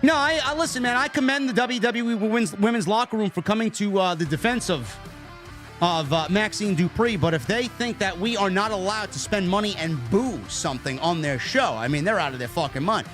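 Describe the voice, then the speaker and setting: A man's voice: sits high, brisk, soft background music. A man hosting a casual wrestling review show, reading super chats and ranting bluntly with plenty of swearing. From New York. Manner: blunt, profane, animated rants.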